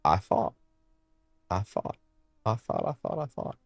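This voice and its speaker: A man's voice: lowish voice, very animated, a little slow, slightly rough, dry recording. A man streaming a game, rambling to himself as he fiddles with settings and corrects himself, on a studio microphone. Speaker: let's play streamer. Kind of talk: casual gameplay commentary.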